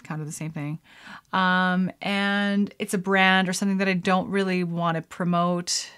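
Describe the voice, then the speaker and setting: A woman's voice: lowish voice, little pitch movement, normal speed, fairly bright tone, clear, resonant tone. A woman hosting her own podcast, chatting casually and rambling with many fillers and laughs. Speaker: podcast host. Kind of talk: casual solo podcast chat.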